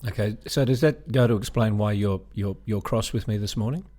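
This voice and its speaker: A man's voice: fairly low pitch, brisk, dark tone. Dry, teasing man with a cold. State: unwell with a cold. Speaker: podcast co-host. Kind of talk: casual chat.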